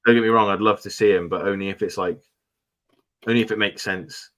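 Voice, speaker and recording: A man's voice: lowish voice, fairly even intonation, a little fast, fairly bright tone. A man in a casual chat, giving opinions in a rambling way.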